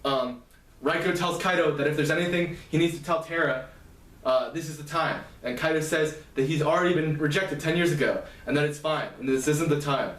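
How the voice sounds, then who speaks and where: A man casually retelling a novel's plot, rambling with frequent fillers and quickly voicing the characters' lines. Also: a little high, fairly bright tone. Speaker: storyteller recapping a novel. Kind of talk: casual spoken plot summary. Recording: roomy echo, distant from mic.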